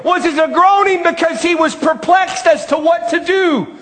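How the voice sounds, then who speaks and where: A man preaching a sermon, impassioned and often shouting, drawing out words for emphasis. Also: very high voice, normal speed.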